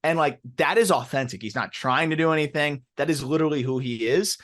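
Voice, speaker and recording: Excitable male sports podcast host. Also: fairly high pitch, a little fast. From South Florida. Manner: excited, emphatic fan talk with many fillers. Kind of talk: casual sports podcast chat.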